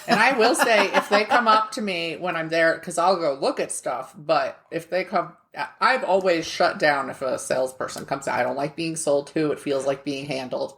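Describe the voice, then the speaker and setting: A woman's voice: deep voice, moderate pace, few pauses, fairly bright tone. A woman co-hosting a podcast in casual chat, chatty and frank with a wry edge. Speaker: podcast co-host.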